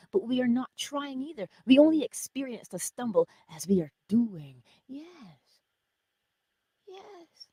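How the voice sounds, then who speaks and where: Husky, lively woman preaching to viewers. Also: a little high, a little slow, dry recording. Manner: animated, drops to whispered asides, chuckles often; speaks straight to the viewers, answers chat comments. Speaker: host of a morning inspiration livestream. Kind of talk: live-streamed inspirational teaching.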